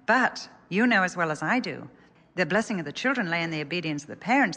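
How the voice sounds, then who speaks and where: A woman's voice: on the low side, animated, quick pace, sharp tone. An older woman telling an earnest personal story in a sermon. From England. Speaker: speaker. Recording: echoey hall.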